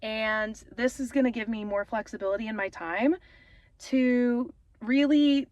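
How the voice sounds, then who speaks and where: A woman's voice: on the high side, unhurried, a little mellow, no echo, dull audio. A young adult woman talking casually in her parked car, rambling with fillers and getting emotional. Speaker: author and vlogger. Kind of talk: casual vlog talk.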